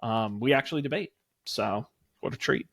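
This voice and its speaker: A podcast host chats casually over a video call, rambling through plugs and using lots of fillers. His voice is medium in pitch, creaky and fairly bright, and he talks at a normal speed.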